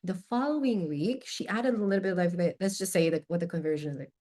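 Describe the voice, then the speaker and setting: As a guest on a podcast, a woman tells a personal story with lively, candid, openly emotional expression. Her voice sits somewhat low, and she talks fast and casually, with the occasional curse word.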